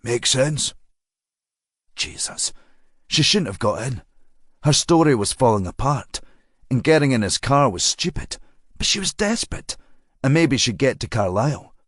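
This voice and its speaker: A man narrating an audiobook crime novel in a measured, even storytelling manner. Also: medium pitch, slightly rough, dry recording, clean studio sound. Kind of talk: scripted narration.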